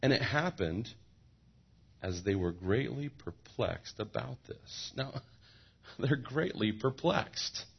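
A man preaching a sermon as pastor, animated, with joking asides and repeated words, on a dull lo-fi recording. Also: mid-range voice, takes it slowly, vocal fry, husky.

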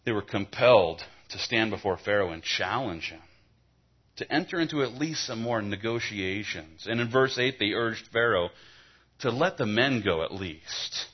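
A man's voice: on the low side, lively intonation, moderate pace, husky, dull audio. A male pastor giving an expository sermon in a conversational style, often restarting his phrases. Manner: conversational preaching with frequent restarts.

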